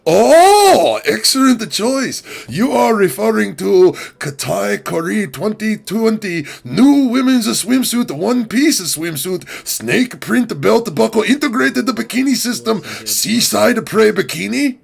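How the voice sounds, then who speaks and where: A man's voice: sits high, very animated, slow pace, vocal fry, hardly any pauses, breathy edge, pitched above the performer's own voice, exaggerated voice. A man voicing a very polite male online-shop phone operator who talks in broken English and recites long product titles. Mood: eager, salesy. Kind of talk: comedy impression bit.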